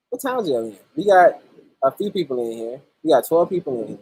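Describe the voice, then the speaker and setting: A man's voice: on the high side, animated, fast talker, warm tone, slightly rough, dry recording. A man hosting a livestream in casual, profane chat, greeting viewers by name as they join. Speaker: livestream host.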